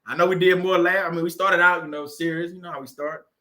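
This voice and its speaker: Man, faith livestream host, casual chat, jokey, laughs a lot, high voice. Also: fast. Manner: laughs often, joking and animated.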